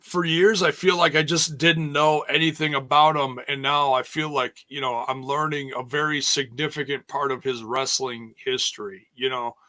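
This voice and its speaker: A man's voice: a little high, steady tone, moderate pace, hardly any pauses, pushed and bright. A man co-hosting a casual wrestling review podcast, speaking in an earnest, thoughtful way. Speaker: podcast co-host.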